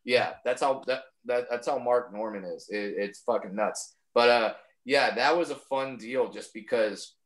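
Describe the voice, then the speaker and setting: Brief: male comic guest, mid-pitch, loose storyteller who throws in impressions. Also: unhurried, rough recording. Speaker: comedian guest. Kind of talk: casual podcast chat.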